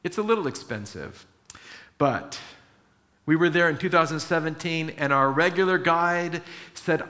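A male pastor preaching a sermon, animated and acting out biblical dialogue, slowing down to stress key lines. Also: on the high side. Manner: animated, acts out biblical dialogue, slows for emphasis.

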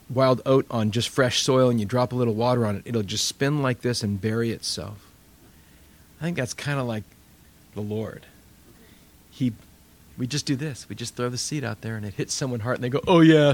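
Male pastor, mid-pitched, lively sermon delivery with quoted voices. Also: normal speed. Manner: animated storytelling, acts out quoted voices.

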